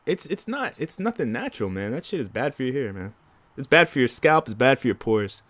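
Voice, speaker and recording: A young man co-hosting a podcast in casual chat, animated and swearing freely, often breaking into laughter. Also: mid-range voice, a little fast. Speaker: podcast co-host.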